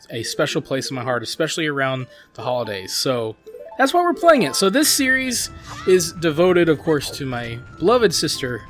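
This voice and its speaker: Over faint game music, a man running a gaming channel narrates his play in casual commentary, earnest and rambling and full of "like" and "you know." His voice is mid-range and a bit bright.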